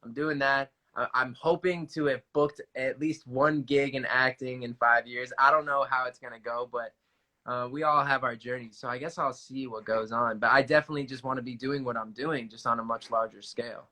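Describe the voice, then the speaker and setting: Bright-voiced young man, rambling casual chat. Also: mid-range voice, steady tone, a little fast, low-quality recording. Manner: rambling, filler-heavy, upbeat. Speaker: musician guest. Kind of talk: casual livestream interview. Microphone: phone.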